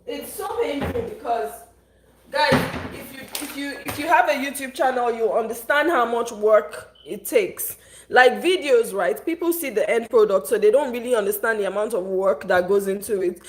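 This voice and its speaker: A woman's voice: a little high, moderate pace, background noise. Upset tearful young woman venting. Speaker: vlogger making skincare on a live stream. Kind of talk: casual live-stream chat.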